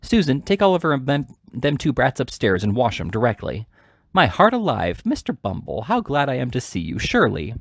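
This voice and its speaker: Fawning sugary housekeeper in a storybook reading, a man's voice pitched up, lively and gushing. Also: a little fast, no room sound, studio quality. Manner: gushing, wheedling, falsely sweet. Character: fawning middle-aged woman who runs a workhouse baby farm. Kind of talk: amateur audiobook reading.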